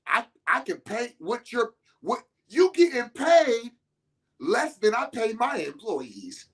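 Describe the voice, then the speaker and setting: A middle-aged man hosting a podcast, giving a profane, preachy monologue to male listeners and jumping between calm talk and shouting. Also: extremely high pitch, measured pace. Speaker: podcast host.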